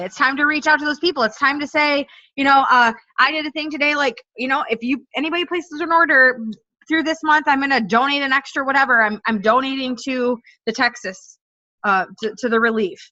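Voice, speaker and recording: A woman's voice: high voice, a little fast, sharp tone, dry recording. A woman in her thirties, a stuffy-voiced team leader giving her sales team an upbeat, direct pep talk. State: stuffy from allergies. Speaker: network marketing team leader. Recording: dull, dry lo-fi recording.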